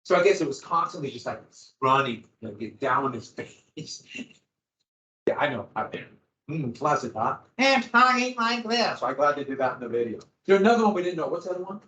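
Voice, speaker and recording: A man's voice: mid-range voice, animated, brisk, fairly bright tone, slight background noise. A man teaching a history class, explaining in a loose, conversational way to his students in a classroom. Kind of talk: classroom lecture. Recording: echoey, dull lo-fi classroom audio.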